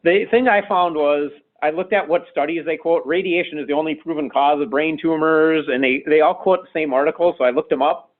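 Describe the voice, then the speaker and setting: A man's voice: on the high side, a little fast, few pauses. A man giving an informal medical lecture in a casual, conversational way, punctuated with frequent "okay"s. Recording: tinny phone-like sound.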